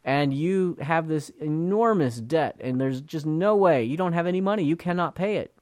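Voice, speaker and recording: A male Bible teacher talks through scripture in an earnest, conversational way, stumbling over and repeating words as he goes. His voice sits a little high for a man. The recording is close and dry, with no room sound. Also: normal speed, a little mellow, no room sound. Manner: earnest, repeats words, acts out quoted speakers.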